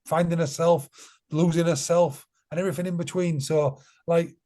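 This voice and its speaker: Speaking at a moderate pace, the charity co-founder has a warm, steady voice that sits a little high. As a podcast guest in casual conversation, he's blunt and earnest and tends to repeat phrases for emphasis.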